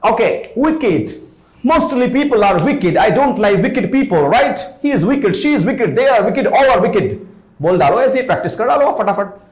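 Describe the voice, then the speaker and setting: Indian english man, spoken english teacher, high lively voice, echoey room, repetitive drilling. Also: quick pace. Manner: repetitive, animated drilling, mixing in Hindi. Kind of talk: classroom lesson with drilled example sentences.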